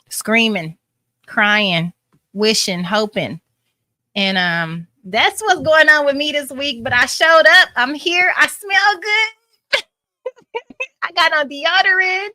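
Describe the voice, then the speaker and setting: A woman hosts a livestream talk show with a bright, forceful voice, close and dry. She speaks candidly and with emotion, worn out and grieving. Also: medium pitch, slow pace, no room sound. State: tired, grieving. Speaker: host.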